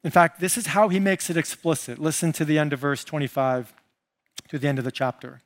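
A middle-aged man, a pastor delivering a sermon, emphatic and playful, with big swings of pitch and loudness. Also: fairly even intonation, brisk. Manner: playful asides and mimicry.

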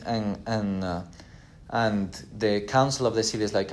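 A man's voice: lowish voice, measured pace. A man giving a history lecture: he reads an old letter aloud, then retells the story casually with acted-out quotes.

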